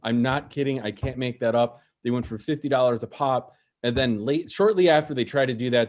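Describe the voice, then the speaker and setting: A man hosting a comedy open mic over an online stream, his voice sitting at an ordinary middle pitch. He rambles through stories in a loose, profane, casual way, piling up repeats and asides. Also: normal speed, few pauses, a little mellow.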